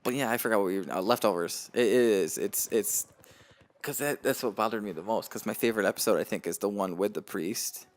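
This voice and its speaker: Male podcast co-host, lower pitch, loose and ranty casual chat, curses often. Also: a little fast. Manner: animated, swears casually, does mocking quoted voices.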